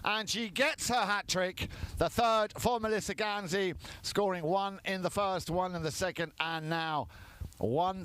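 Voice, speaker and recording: Guy calling a polo match live, chatty, smooth resonant voice, gets excited on goals. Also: high-pitched. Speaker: polo commentator. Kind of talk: live sports commentary.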